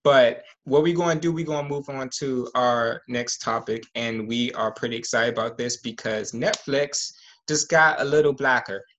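A man co-hosting a podcast in a laid-back, slang-heavy way, giving his views at an easy pace. His voice sits at an ordinary pitch. The recording sounds a little dull and lo-fi. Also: normal speed. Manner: relaxed and opinionated, slangy. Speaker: podcast co-host. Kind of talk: casual chat.

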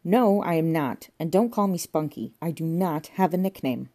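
A prim, agitated male restorer, as a woman reader puts him on, insisting and fretting in a low, mellow register. The storybook voice of a fussy middle-aged man who will not be talked round. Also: animated, moderate pace. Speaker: figure in a comic novel.

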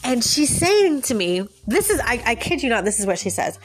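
A woman casually telling her viewers a story, her voice jumping up in pitch and breaking into laughs as she relives the outrage. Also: moderate pace, faint music behind. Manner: animated, jumps high in pitch when retelling her outrage, laughs often. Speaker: vlogger.

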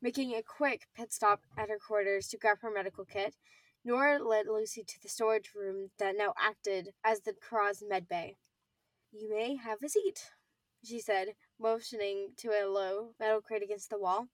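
A woman's voice: mid-range voice, fairly even intonation, moderate pace, no room sound, far from the mic. Teen girl narrating, a bit off-mic. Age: teens. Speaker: co-author and narrator. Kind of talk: amateur audiobook narration.

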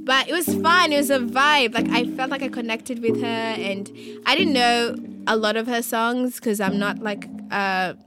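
Young woman vlogger, lively and slangy, a touch high-pitched, heavy music bed behind. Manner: animated, slangy, quick asides. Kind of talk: casual story-time chat. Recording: loud music under the voice.

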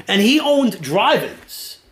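A man with a New York accent chatting on a film commentary track, halting and restarting often. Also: high voice, sing-song, a bit bright. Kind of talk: casual commentary-track chat. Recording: echoey room with faint music.

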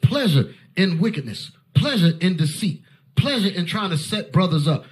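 A fiery male preacher with a high-pitched voice, driving his Bible teaching with force and sudden shouts. He barks short commands between points. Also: big pitch swings, normal speed.

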